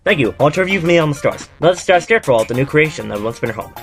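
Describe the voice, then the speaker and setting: A man's voice: a little high, lively intonation, very fast, soft background music. A man reading a fan story aloud, stumbling over words and restarting again and again, with self-mocking asides. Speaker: fan fiction reader.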